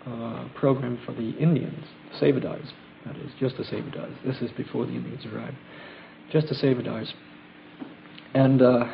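Gravelly man on an old tape. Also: mid-range voice. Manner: halting, many fillers and restarts, gentle and reflective. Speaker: group member sharing trip experiences. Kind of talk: casual spoken testimony at a gathering. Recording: dull lo-fi tape with faint hiss.

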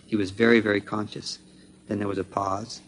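A man with a fairly low voice tells a personal story in an earnest, measured way. He often restarts his phrases and stops to explain unfamiliar words. A faint hum of room ambience sits behind him. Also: little pitch movement. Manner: earnest, halting, explains foreign terms as he goes. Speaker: speaker sharing trip experiences at a spiritual gathering.

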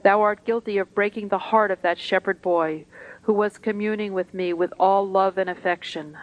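The grave, loving voice of God, read by a woman, solemn and measured in archaic phrasing. It is delivered at a middle pitch as a calm reading. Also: lo-fi sound, natural voice. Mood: reproving.

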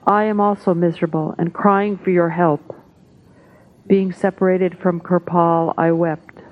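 A woman reading devotional texts aloud at a spiritual gathering, in a measured, solemn way. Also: fairly low pitch, level tone. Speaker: satsang reader. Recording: tinny phone-like audio.

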